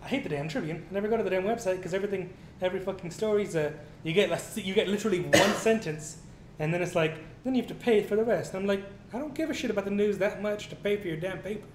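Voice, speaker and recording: A man co-hosting a casual news commentary stream, ranting with profanity and reading news items aloud. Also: quick pace. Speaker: co-host. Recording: echoey room with faint rumble.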